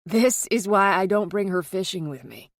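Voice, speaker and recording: A woman's voice: mid-range voice, lively intonation, normal speed, no room sound, clean studio sound, lightly acted. A woman narrator reading the lines of an amused older brother who ribs his sister, mostly in her own voice. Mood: wry.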